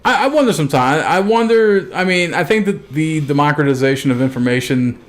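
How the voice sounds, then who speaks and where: A man's voice: fairly high pitch, animated, a little fast. A man in a casual podcast chat, thoughtfully explaining his views with some casual swearing. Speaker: podcast co-host.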